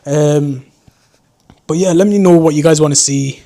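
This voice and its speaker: A man's voice: a little high, normal speed, mellow. A young man from the North East of England, with a Geordie accent that drifts toward southern English, chats unscripted to camera as a drone vlogger, rambling and poking fun at himself. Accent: Geordie mixed with southern English. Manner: rambling, loose, self-mocking. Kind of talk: casual unscripted chat to camera.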